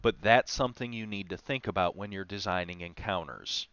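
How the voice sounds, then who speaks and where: Man, game master streaming, chatty storyteller, lowish voice, dry muffled lo-fi audio. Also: a little fast, fairly bright tone, smooth, no echo. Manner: chatty, storytelling, wry asides. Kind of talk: casual livestream talk.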